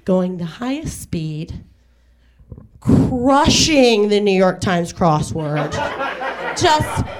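A woman's voice: mid-range voice, very animated, drawn-out words, pauses often, background noise. Wry self-deprecating woman doing stand-up. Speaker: stand-up comedian. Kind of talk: stand-up set at a live radio show. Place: garage venue with live audience.

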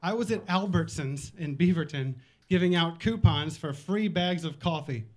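High-voiced man doing stand-up in a bar. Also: moderate pace, a little mellow. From Virginia. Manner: self-mocking, loose and conversational. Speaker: stand-up comedian. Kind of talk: stand-up set. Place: bar comedy night.

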